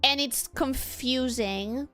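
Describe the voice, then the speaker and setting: A young woman streaming a game, chatting casually and reading chat, animated and quick to squeal and laugh. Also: high voice, soft background music. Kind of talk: casual gameplay commentary.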